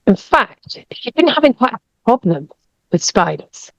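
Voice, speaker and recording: A woman author improvising a story, measured and building suspense. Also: on the high side, big pitch swings, no room sound, rough recording.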